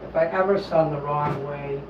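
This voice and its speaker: Guy livestreaming while eating, kinda high voice, swears a lot, says sorry a lot, faint hum in the room. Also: fairly even intonation, moderate pace, highs cut off. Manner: rambling, apologetic, swears casually. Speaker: livestream host reading chat.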